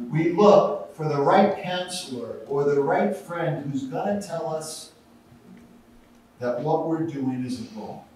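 A male pastor preaching a sermon, telling stories with animated, acted-out delivery. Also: a little high. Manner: storytelling with acted-out voices and rising intensity. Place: church sanctuary. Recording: echoey church sanctuary, from far off, faint noise.

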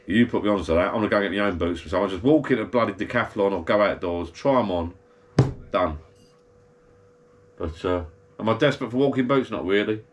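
A man's voice: fairly low pitch, brisk, slight background noise. Grumbling man ranting casually. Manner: chatty, grumbling rant. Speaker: vlogger. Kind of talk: casual rambling monologue. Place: backyard garden bar shed.

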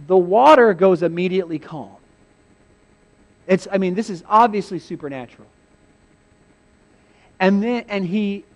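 A man with a notably high-pitched voice delivers a sermon as an animated, humorous storyteller. He chuckles often and bursts into loud acted-out lines before dropping back to a conversational tone. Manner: acts out biblical scenes with sudden shouted quotes. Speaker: pastor.

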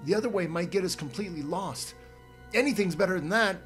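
A man's voice: sits high, fast talker, music in the background, pitched above the performer's own voice, natural voice. A man reading a storybook aloud, voicing a determined teenage boy who leads the way and talks in an urgent, pushy manner. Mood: insistent.

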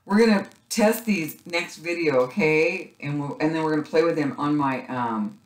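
A middle-aged woman chatting casually as she unboxes craft supplies, gushing excitedly with little gasps and cries of delight. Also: deep voice, normal speed. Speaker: craft vlogger unboxing a subscription box. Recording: echoey room with faint noise.

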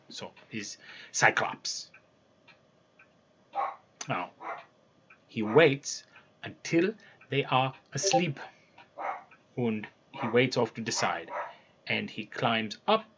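In a dull lo-fi recording with slight background noise, a man with a medium-pitched, somewhat bright voice retells a fairy tale. His storytelling is loose and conversational, and he restarts as he goes along.

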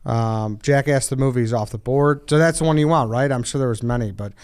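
A man's voice: mid-range voice, a little fast, darkish tone, smooth. A man hosting a casual podcast, keeping the conversation moving in an easygoing way. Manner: easygoing, moves the conversation along. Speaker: podcast host running a draft.

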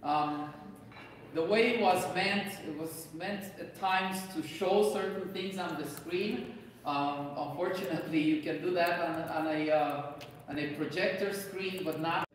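A man's voice: fairly high pitch, measured pace, slight background noise. A man in his forties with a Romanian accent, a priest giving a parish lecture in a conversational way with some restarts. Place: large echoey church hall. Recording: echoey hall from far off.

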